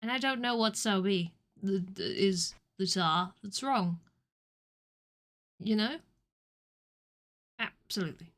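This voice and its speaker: A woman streamer chatting casually over a game, self-mocking and prone to sudden loud shouting. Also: mid-range voice, animated, a little slow, pauses often. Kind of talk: casual gameplay commentary. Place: home.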